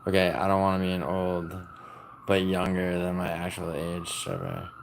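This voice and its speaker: A man's voice: deep voice, flat delivery, moderate pace, a little hiss or hum. A young man from the United States hosting a casual livestream, rambling and teasing his viewers as he reads comments aloud. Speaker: livestream host.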